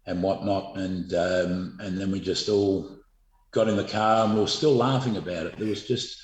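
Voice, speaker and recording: Low-voiced Australian man telling stories. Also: fairly even intonation, reverberant, low-quality recording. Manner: rambling, halting, many fillers and restarts. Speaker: guest, former footballer. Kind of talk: casual storytelling interview.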